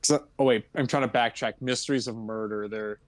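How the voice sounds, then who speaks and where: This is a man co-hosting a casual movie podcast. He rambles through the plot in a middle-pitched voice, leaning on "you know" and laughing easily. The sound is dry and close. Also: steady tone, brisk, no room sound. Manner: laughs often. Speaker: podcast co-host. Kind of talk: casual movie-review chat.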